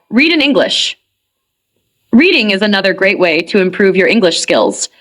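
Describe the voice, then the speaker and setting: A woman's voice: medium pitch, a bit bright. Woman presenting a scripted English lesson. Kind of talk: scripted instructional narration.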